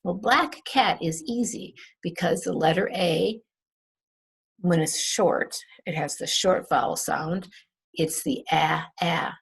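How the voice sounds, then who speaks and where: A woman with a low, husky voice and some vocal fry reviews vowel sounds. She speaks very slowly, repeating each example word twice and stretching out its vowel. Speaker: English teacher. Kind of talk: slow, careful classroom review.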